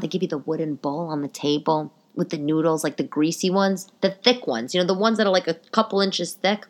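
A woman's voice: fairly low pitch, a little fast, hardly any pauses. A woman in her thirties hosting a casual solo podcast from home, venting in an exasperated, swearing rant. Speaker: podcast host. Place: home living room.

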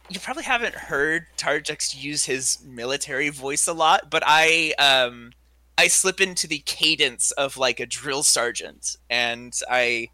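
A man's voice: a little high, a little slow, sharp tone, no echo. A man playing a tabletop role-playing game, eager and thinking aloud with fillers. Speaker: player. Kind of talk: tabletop role-play chat.

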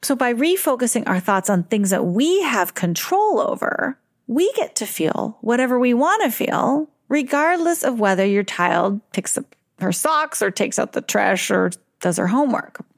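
A middle-aged woman hosting a podcast, giving parenting advice in a calm, reflective way and slowing down on key words. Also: on the high side, creaky, dry recording, studio quality. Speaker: parent educator and podcast host.

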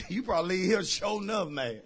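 A man preaching a sermon as pastor. He drives his points with shouted phrases and repeated calls to the congregation. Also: sits high, expressive, brisk, husky. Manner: emphatic call-and-response preaching, shouting key phrases. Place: church service.

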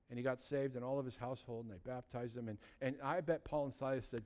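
A man preaching a sermon, telling stories with lively acted-out voices, swinging from loud and urgent to quiet and earnest. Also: medium pitch, fast talker, hardly any pauses. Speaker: pastor.

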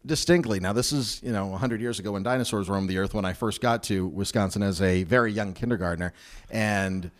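A man's voice: lowish voice, fairly quick. A middle-aged man from Mississippi hosting a casual interview chat, an easygoing storyteller with self-deprecating humor. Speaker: podcast host.

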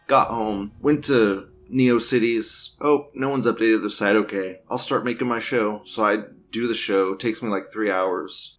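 A man's voice: fairly low pitch, a bit bright. A young man hosting a casual commentary show, rambling and crude, laughing often. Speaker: show host.

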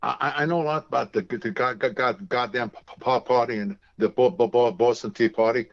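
A man's voice: mid-range voice, brisk, no room sound, muffled recording, lightly acted. A man doing a stammering, swearing schoolboy. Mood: excited. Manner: stammering, swearing mid-stutter. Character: stuttering cursing schoolboy friend.

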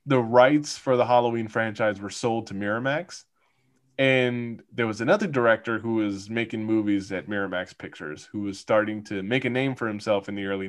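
A man co-hosting a casual podcast, rambling with many fillers and laughing often. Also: medium pitch. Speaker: podcast co-host. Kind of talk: casual chat.

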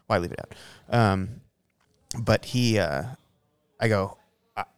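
Male podcast co-host, low resonant voice, loose profane storyteller. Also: takes it slowly, smooth, no echo. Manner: swearing, animated storyteller, laughs while talking. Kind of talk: casual storytelling chat.

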